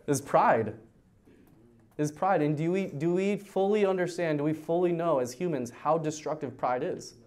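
A man's voice: on the high side, normal speed, a little mellow. A man, a youth pastor, teaching a verse-by-verse sermon in a conversational way and putting questions to his listeners at a church youth service. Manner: conversational, asks the audience questions.

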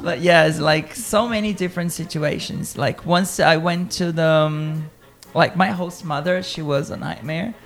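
A woman teacher tells travel stories in casual chat, animated and laughing often. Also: low voice, measured pace. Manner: lively storyteller, laughs often.

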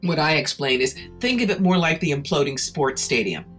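A woman who is a psychic and author of tarot books tells stories in an interview with an animated, persuasive drive, pressing hard on her key words. Her voice sits very low for a woman, she talks fairly quickly, and faint music plays behind her.

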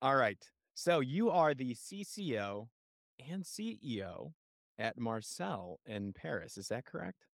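A man's voice: mid-range voice, big pitch swings, measured pace, vocal fry, dry recording, studio quality. A man with a Chicago accent hosting a podcast interview, talking with energy and enthusiasm. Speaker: podcast host.

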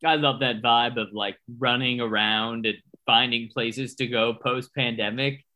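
A man's voice: medium pitch, steady tone, measured pace, pushed and bright. A man who is a broadcaster, hosting a casual interview and asking long, rambling questions with enthusiasm. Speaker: podcast host and broadcaster.

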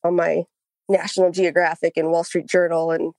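A woman's voice: lowish voice, level tone, moderate pace, darkish tone, no echo. A woman co-hosting a podcast in casual chat, out of breath, laughing often and reading notes aloud. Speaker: podcast co-host.

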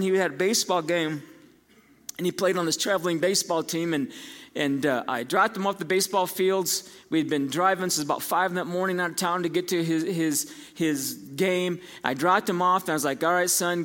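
A man preaching a sermon in a higher-pitched voice, moving between storytelling and loud emphatic peaks. His voice carries a long reverb from a church sanctuary. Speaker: pastor.

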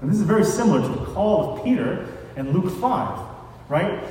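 A man's voice: sits high, big pitch swings, normal speed, darkish tone, a little hiss or hum. A man preaching a sermon in a conversational way, mixing scripture reading with casual asides. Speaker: pastor. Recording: echoey hall, distant mic.

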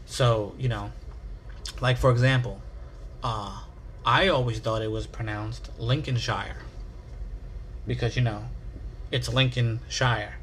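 A man's voice: medium pitch, fairly even intonation, a little slow, pauses often, a bit bright, slight background noise. A man from the United States hosting his own podcast, rambling casually, swearing and making fun of himself. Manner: rambling, profane, self-mocking. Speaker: podcast host.

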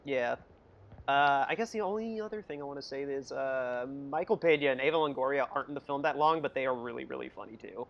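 A co-host chatting about a film in a rambling, giggly way, acting out scenes in quick quoted voices. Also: medium pitch, vocal fry, muffled recording. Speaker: movie review podcast co-host. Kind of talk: casual chat.

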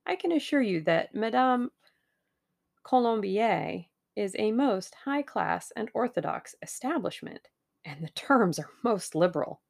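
A woman doing a smooth scheming businessman. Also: medium pitch, animated, measured pace, pitched above the performer's own voice. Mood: smooth, persuasive. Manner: genial and persuasive.

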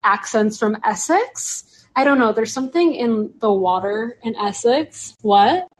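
A woman's voice: a little high, lively intonation, measured pace. A woman chatting casually on a podcast, rambling and filling her talk with "like". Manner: rambling, heavy use of "like". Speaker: podcast guest or host.

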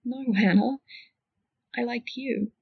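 A woman voicing a quiet, sad young man, a wizard student, speaking softly and hushed. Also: on the high side, slow pace, vocal fry, breathy edge, dry recording, heavily acted. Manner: soft, hushed and subdued. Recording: dull lo-fi dry recording.

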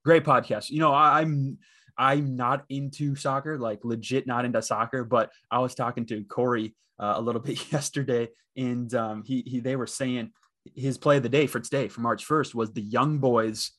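A man's voice: mid-range voice, steady tone, normal speed, a bit bright. A man from the Dakotas hosting a sports betting podcast alone, talking casually and rambling with lots of fillers and restarts. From Midwest, the Dakotas. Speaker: podcast host.

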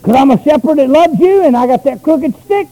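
Man, pastor, sermon, very high voice, lively swinging delivery. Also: brisk, rough recording. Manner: preaching with rising shouts and dropping to low asides.

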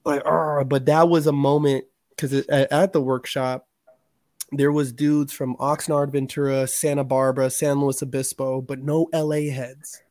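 A man's voice: medium pitch, flat delivery, normal speed, a little mellow, dry recording, studio quality. Man telling stories, loose and profane. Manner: loose, profane storytelling with slang. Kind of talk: casual chat.

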